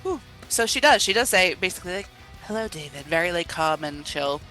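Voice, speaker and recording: A woman's voice: lowish voice, brisk, soft background music, low-quality recording. A woman co-hosting a horror movie podcast, chatting casually and laughing often as she retells scenes. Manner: giggly, animated storytelling with acted quotes. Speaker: podcast co-host. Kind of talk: casual chat.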